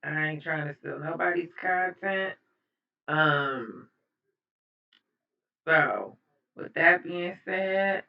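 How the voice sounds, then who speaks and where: A woman's voice: low-pitched, vocal fry. Chatty woman host in a roomy space. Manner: chatty, drawling, repeats herself. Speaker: reaction channel host. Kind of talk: casual reaction video intro. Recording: roomy, distant, dull sound.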